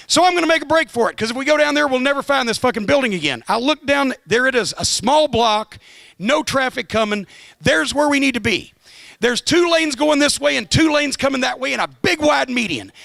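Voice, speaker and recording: High, gravelly man telling stories. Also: no echo. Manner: sardonic, profane, animated storyteller. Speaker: roast guest of honor. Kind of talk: comedy roast speech, storytelling.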